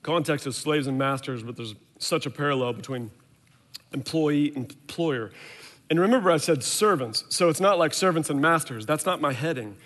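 A man's voice: a little high, lively intonation, normal speed, a bit bright, long reverb tail. A man in his thirties preaching a sermon, telling a candid story about his own family and acting out what everyone said. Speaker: pastor.

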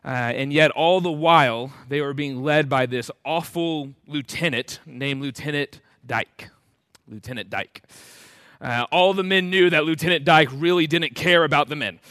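Man, higher-pitched, storytelling, earnest, hesitant fillers, dry close sound. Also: normal speed, sharp tone, no room sound. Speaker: speaker. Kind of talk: storytelling illustration.

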